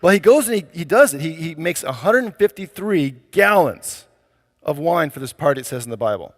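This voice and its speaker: A man's voice: on the high side, sing-song, a little fast. A man preaching a sermon in a casual, conversational way, full of fillers. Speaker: pastor. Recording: long hall reverb.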